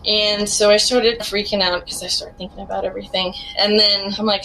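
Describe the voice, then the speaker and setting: A woman calling in to share her true ghost story, speaking in a casual, rambling way full of "like" fillers, with animated bursts as she relives it. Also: a little fast, few pauses, a little hiss or hum, low-quality recording. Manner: rambling, heavy use of "like" fillers; animated retelling with bursts of rising pitch. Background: faint music bed.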